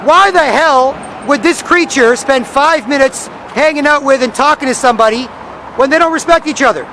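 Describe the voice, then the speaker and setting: Street vlogger, male, very high and bright voice, repetitive rant outdoors with faint traffic. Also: normal speed, rough recording. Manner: repetitive, ranting, acts out other people's voices. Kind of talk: rambling street monologue. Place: busy downtown street corner outdoors.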